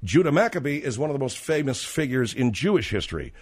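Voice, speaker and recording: A middle-aged man hosting a radio talk show, brash, cynical and quick to snap at his sidekicks. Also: mid-range voice, sing-song, husky.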